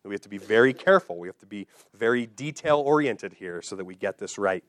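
A man's voice: fairly low pitch, expressive, quick pace, fairly bright tone, dry recording. Emphatic male pastor, dry close sound. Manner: emphatic, repeats key phrases for teaching. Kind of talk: sermon.

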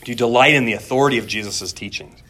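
A man's voice: medium pitch, quick pace, sharp tone. A pastor preaching a sermon in a conversational way, repeating words as he goes and asking the room questions.

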